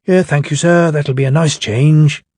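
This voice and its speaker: A man's voice: a little high, fairly even intonation, measured pace, a little mellow, dry recording. A man voicing a shy, eager male blue steam engine in a storybook reading, speaking politely and plaintively. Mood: glad.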